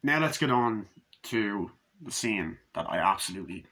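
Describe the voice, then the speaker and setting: A man's voice: on the low side, animated, moderate pace, bright, forceful tone, husky. A young man giving a rambling, casual film review, swearing freely and acting out scenes in voices.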